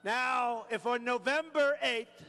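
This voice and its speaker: Man, campaign rally speech, emphatic, repeats phrases, slow pace, echoing large hall. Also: very high voice, sharp tone. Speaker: political candidate.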